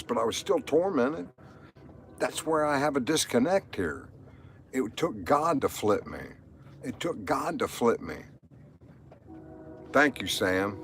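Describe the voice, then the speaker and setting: A man's voice: mid-range voice, a little hiss or hum. A middle-aged man talking on a live stream, rambling and repeating himself with strong emotion. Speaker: livestreamer. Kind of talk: live stream monologue, reading chat.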